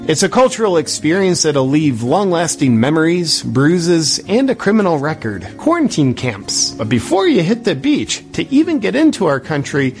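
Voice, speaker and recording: A man reading a satirical mock travel ad in a deadpan, sarcastic manner. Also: a little high, moderate pace, few pauses, faint music behind.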